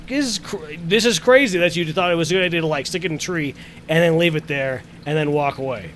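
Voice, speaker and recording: A man with a somewhat high voice co-hosting a podcast in easy conversation. He rambles through stories with plenty of fillers and swears casually. Faint noise hums under the recording. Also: animated, fast, fairly bright tone. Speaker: podcast co-host. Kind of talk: casual chat.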